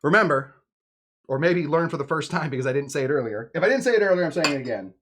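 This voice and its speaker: A man's voice: a little high, expressive, fast, fairly bright tone, slightly rough. A man hosting a casual home cocktail video, rambling and joking with many fillers as he talks. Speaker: home bartender host. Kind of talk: casual cocktail-making video with live chat.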